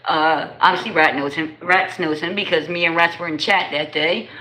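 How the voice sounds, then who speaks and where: Bright-voiced woman streamer. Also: deep voice, normal speed, rough recording. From New Jersey. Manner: animated, slangy, talks straight to chat. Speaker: livestreamer. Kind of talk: casual livestream chat with viewers.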